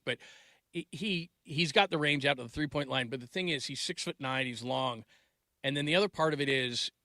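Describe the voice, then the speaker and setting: A man in his forties hosts a sports talk show, rambling casually, restarting sentences, and trailing off mid-thought, though he gets loud and laughs when telling family stories. His mid-range voice is captured dry, with clean studio sound.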